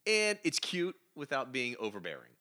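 A man co-hosting a comic book podcast, recapping issues in casual chat and acting out characters' lines in quick put-on voices, laughing often. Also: mid-range voice, wildly swooping pitch, pushed and bright. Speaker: podcast co-host.

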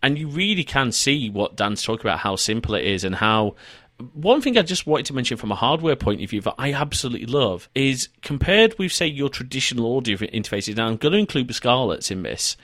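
A man's voice: mid-range voice, sing-song, fairly quick, fairly bright tone, dry recording. A man hosting an online interview, chatty and adding enthusiastic asides. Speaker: podcast host. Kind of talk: conversational interview.

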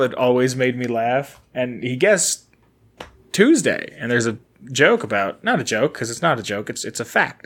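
Here a man with a mid-range, fairly bright voice runs a laid-back solo podcast from a building he recently moved into, captured with a camera and microphone. His talk wanders, he self-corrects often, and laughter comes easily.

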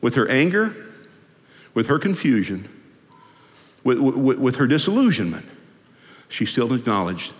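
Emphatic preacher in a reverberant hall. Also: male voice, medium pitch, big pitch swings, a little slow, pauses often. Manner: emphatic preaching, swinging from loud to hushed. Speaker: pastor. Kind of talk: sermon.

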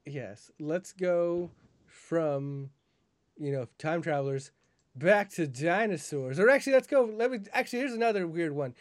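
A man with a fairly high voice co-hosts a casual wrestling podcast, stumbling through profane, rambling rants. His voice sounds dry and close, with no room around it. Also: expressive, unhurried, dry recording. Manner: rambling profane rant with many restarts.

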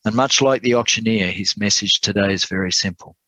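A man preaching, telling an illustration story in an earnest way and slowing down for emphasis. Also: fairly low pitch, pushed and bright, no echo, rough recording. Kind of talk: sermon storytelling.

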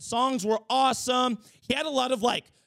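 A man giving a casual vlog movie review, slangy and animated, at times bursting into shouts. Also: very high voice, normal speed, gravelly, dry recording, clean studio sound.

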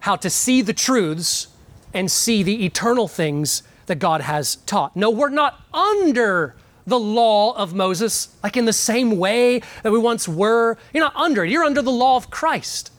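A man's voice: high voice, expressive, no echo. A man preaching a sermon earnestly, with frequent "um"s, repeating key words for emphasis. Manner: pauses with frequent fillers.

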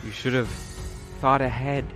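A man voicing a calm, cold six-armed deity taunting a captive foe in a tabletop game. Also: mid-range voice, over music, lightly acted. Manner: measured, taunting.

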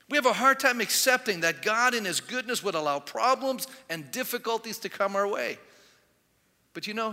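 A man preaching a sermon as pastor, animated and emphatic, rising loud and dropping soft for effect. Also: high-pitched. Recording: long hall reverb.

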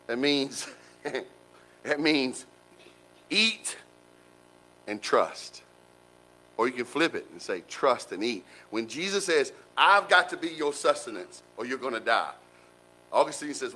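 Male pastor, sermon, folksy and animated, bright forceful voice, church. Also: medium pitch, moderate pace, poor audio. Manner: folksy, animated preaching with colloquial asides.

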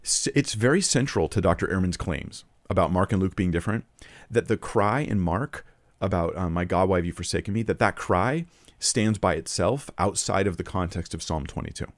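A man with a low voice talks through his argument, earnest and argumentative, quoting passages and restarting phrases as he goes. The recording is close and dry, with no room sound. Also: normal speed, dry recording. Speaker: Christian apologetics video presenter. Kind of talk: casual spoken commentary.

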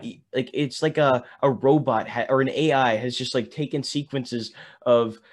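Young guy rambling about stuff, laughs a lot, stumbles over his words, mid pitch. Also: fairly even intonation, normal speed. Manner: rambling, laughs often, many restarts. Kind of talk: casual chat.

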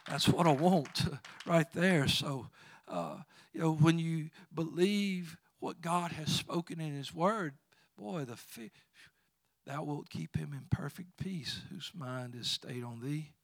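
A man's voice: on the high side, slow pace, dry recording, clean studio sound. A man preaching a sermon, quoting scripture with rising fervor and chuckling asides. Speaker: pastor.

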